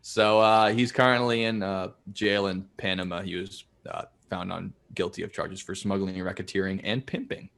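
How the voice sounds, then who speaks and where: This is a man co-hosting a podcast in an easy, unscripted chat. His voice sits on the low side. He swears freely, jokes around and laughs a lot. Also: flat delivery, normal speed, hardly any pauses, fairly bright tone. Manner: loose, profane and joking, laughs often. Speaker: podcast co-host.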